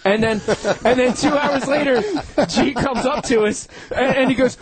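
A man's voice: very high-pitched, normal speed, a crowd in the background. A man co-hosting a radio show, telling crude stories in casual banter and acting out what others said. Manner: animated storytelling, acts out quotes.

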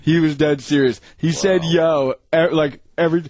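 High-voiced dude hosting a radio show, joking around, then intro'ing a song. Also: male voice, fairly even intonation, moderate pace, a little mellow. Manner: laughs while telling stories, introduces songs. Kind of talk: casual radio banter.

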